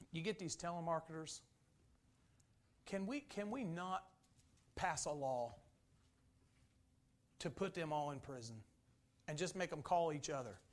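Male pastor, fairly high-pitched, folksy sermon delivery with humorous asides and emphatic crescendos. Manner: folksy preaching that builds to loud emphatic runs.

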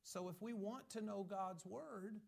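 A man preaching a sermon, reading scripture slowly and building to emphatic, rising bursts as he addresses his church. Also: sits high, vocal fry, darkish tone. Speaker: pastor.

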